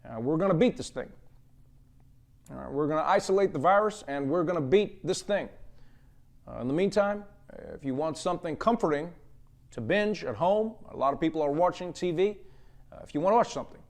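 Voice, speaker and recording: A man doing a comedic impression of a former president, who speaks slowly and calmly with long pauses. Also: a little high. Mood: reassuring. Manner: slow, measured, full of long pauses. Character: impression of a calm, halting former male president.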